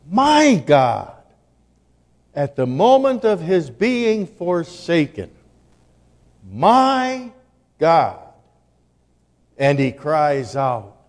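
Slow, solemn male preacher in a hall. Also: sits high. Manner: slow, solemn delivery with dramatic swings from loud to hushed. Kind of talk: sermon. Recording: long hall reverb.

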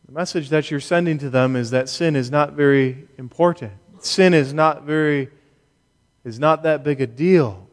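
A man preaching a sermon as a pastor, earnest and emphatic, with deliberate pauses. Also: a little high, big-room sound.

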